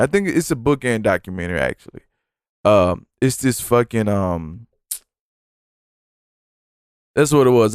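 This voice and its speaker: A man hosting a podcast, telling stories in a profane, animated, rambling way. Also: medium pitch, clear, resonant tone, dry recording, studio quality. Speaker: podcast host. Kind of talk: casual storytelling monologue.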